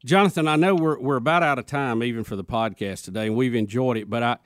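A man co-hosting a radio talk show, chatting in a folksy, animated way. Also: mid-range voice, quick pace, no echo, clean studio sound. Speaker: radio co-host. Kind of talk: casual talk show chat.

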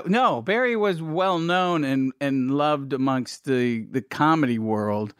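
A man's voice: medium pitch, clear, resonant tone, no room sound, studio quality. A man telling stories in casual chat, rambling with restarts and laughing often.

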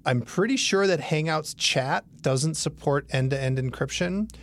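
A man's voice: fairly high pitch, unhurried. A man co-hosting a tech podcast, explaining things loosely in casual chat. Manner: explanatory, loose, with fillers and restarts. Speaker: podcast co-host.

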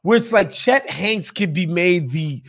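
A man's voice: sits high, lively intonation, measured pace. A man hosting a podcast, ranting in casual, profane, emphatic talk. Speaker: podcast host. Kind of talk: casual opinionated chat.

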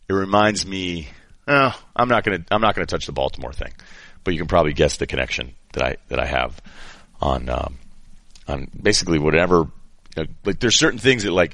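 A man's voice: low-pitched, a bit bright, no echo. A middle-aged man hosting a podcast, chatting in a rambling, joking way and often interrupting himself. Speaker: podcast host. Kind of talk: casual chat.

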